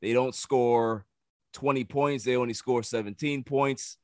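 A man with a New York accent hosting a casual sports podcast, teasing his guest with drawn-out emphasis. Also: medium pitch, steady tone, dry recording, clean studio sound. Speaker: podcast host.

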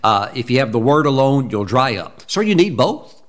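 A man preaches a sermon in an average-pitched voice, pressing his points with emphasis. He breaks into short bursts of praise between thoughts. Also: big pitch swings, normal speed. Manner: emphatic, exclaims praise interjections. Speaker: pastor.

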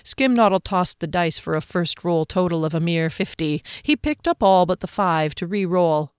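A woman narrating a fantasy storybook in a measured, even manner. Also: on the low side, clean tone, dry recording, clean studio sound. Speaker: audiobook narrator.

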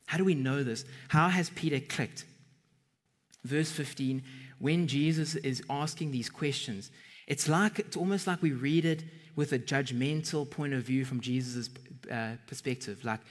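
A man's voice: fairly high pitch, moderate pace. A man preaching an earnest sermon that builds to emphatic bursts, recorded with a long hall reverb.

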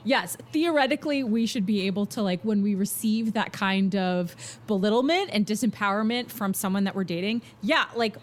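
A woman's voice: medium pitch, moderate pace. Earnest woman host in mid-range voice. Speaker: podcast host, interviewer. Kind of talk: casual conversational interview.

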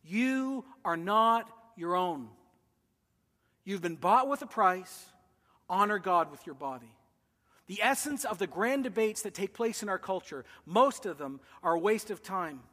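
A male pastor preaching a sermon, emphatic, swinging between loud declarations and hushed asides. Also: high voice, expressive, measured pace, in a large hall. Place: church.

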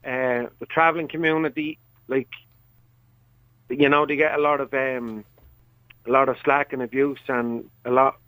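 Bright-voiced Dublin man calling in. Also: mid-range voice, fairly even intonation, moderate pace, long pauses, dry recording, poor audio. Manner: frank and easygoing, with a laugh. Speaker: radio caller. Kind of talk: casual phone-in chat.

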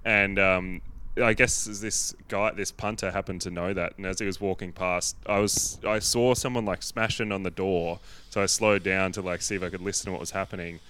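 Young Australian man, low and bright voice, loose swearing storyteller on a podcast. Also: fairly even intonation, normal speed. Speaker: podcast guest. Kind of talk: casual chat.

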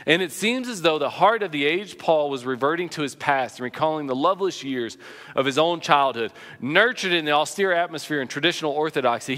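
A man's voice: fairly high pitch, pushed and bright, long reverb tail. A man preaching a sermon as pastor, conversational and earnest, telling personal anecdotes.

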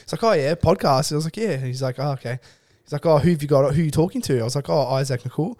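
A young man hosting a podcast, excitably retelling stories and quickly agreeing with his guest. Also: on the high side. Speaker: podcast host. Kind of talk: casual podcast chat.

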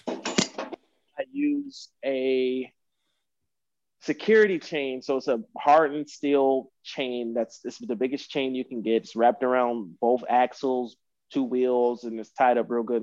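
A man tells a long personal story in an easygoing, rambling way, circling back over the same points. His voice sits at an average pitch, and the sound is dry and a little muffled, as if it came through a remote call. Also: a little mellow, dry recording. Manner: rambling, repeats himself. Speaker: podcast guest. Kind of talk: casual storytelling.

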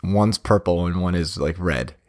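A man's voice: sits low, normal speed. A man from the Boston area hosting a podcast in casual chat, articulate and teasing. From Boston area, USA. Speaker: podcast host.

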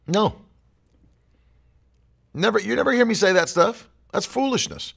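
A man's voice: high voice, expressive, a little slow, vocal fry, a bit bright, slightly rough. A man preaching a sermon as pastor, emphatic and driving his points home with repeated declarations.

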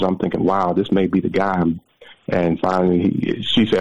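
A man in his forties tells his story as a call-in guest, emotional and often repeating himself. His voice is very low and rough with fry. The line is dull and muffled. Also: fairly even intonation, normal speed. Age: 40s. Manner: emotional, repeats words, preacherly near the end. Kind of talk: telling a personal story on a call-in show.

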